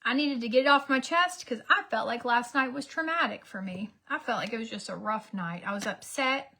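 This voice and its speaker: A woman, telling a story as a casual get-ready-with-me vlog, dramatic and animated, sometimes dropping to a whisper. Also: fairly high pitch, fairly quick, a little hiss or hum. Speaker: beauty vlogger.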